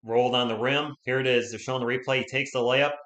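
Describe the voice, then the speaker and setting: Here's a fast-talking fan commentator with a medium-pitched voice, calling the action play-by-play on a livestream. He's excitable, shouting on big plays, and sounds a little rough from straining his voice.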